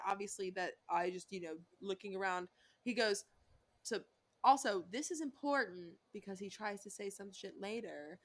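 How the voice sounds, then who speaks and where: A woman in her thirties co-hosts a casual recap podcast. She talks in an animated, profane way, mid-pitched and ordinary in tone. She acts out bits of dialogue as she goes. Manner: animated, swearing, acts out quotes from the show. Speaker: podcast co-host.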